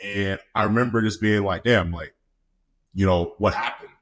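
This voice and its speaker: A football player in his twenties tells a story as a podcast guest, laid-back and laughing easily, using fillers like "man". His voice is fairly low and moves at a moderate pace.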